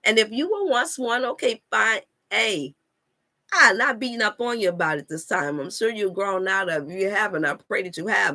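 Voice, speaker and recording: A woman's voice: mid-range voice, lively intonation, moderate pace, pushed and bright. A woman hosting a live stream, preaching to her viewers in an emphatic, repetitive way, full of scripture and talk to "y'all". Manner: addresses viewers as y'all and you all. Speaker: wellness coach and channel host.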